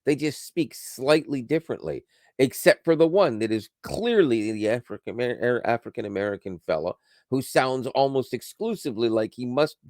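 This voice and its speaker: A man co-hosting a podcast chats casually about tech, rambling, correcting himself as he goes and laughing often. His mid-range voice is expressive and a little mellow at a moderate pace, in clean studio sound with no echo.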